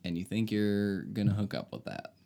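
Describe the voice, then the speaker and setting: A man co-hosting a casual movie chat with dry, deadpan wit. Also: fairly low pitch, moderate pace, vocal fry. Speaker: podcast co-host reviewing a movie.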